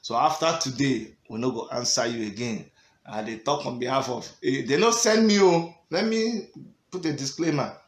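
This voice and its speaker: A man's voice: medium pitch, normal speed. Emphatic Nigerian man in roomy echo. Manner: emphatic, switches between Pidgin and English, chuckles often. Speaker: political party member. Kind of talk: passionate vlog rant.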